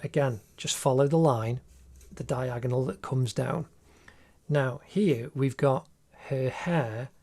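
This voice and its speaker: A man's voice: medium pitch, takes it slowly, a little mellow. A man talks through a drawing tutorial step by step in an encouraging way, recorded as a voice-over while he draws. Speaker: art teacher.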